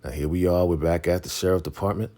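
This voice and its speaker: A man's voice: sits low, steady tone, fast talker, warm tone. A man casually recapping a TV episode, retelling scenes and acting out the characters' lines. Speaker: TV show recap host.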